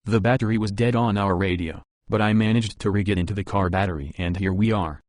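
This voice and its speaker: A talkative male engineer rattles on eagerly in an audiobook, voiced by a narrator. The voice is low and dry. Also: steady tone, fairly quick, darkish tone, no room sound, lightly acted.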